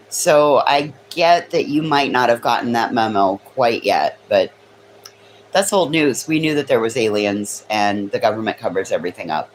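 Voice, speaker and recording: A woman's voice: a bass voice, expressive, a little slow, slight background noise, rough recording. A woman hosting a casual livestream from home, teasing her chat with sarcastic remarks. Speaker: livestream host. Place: home near a kitchen.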